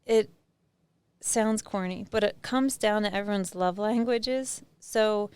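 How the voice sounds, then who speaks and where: Clear-voiced woman explaining earnestly. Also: medium pitch, takes it slowly, darkish tone, no echo. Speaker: guest, psychic medium and life coach. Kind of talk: casual podcast chat.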